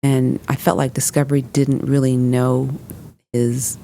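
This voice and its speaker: Woman in her 50s on a podcast, gravelly low-key voice, telling a long story with lots of um and like. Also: flat delivery, a little slow, mellow, a little hiss or hum. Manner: recounts events with reported dialogue and frequent fillers. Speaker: podcast guest. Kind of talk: personal storytelling in conversation.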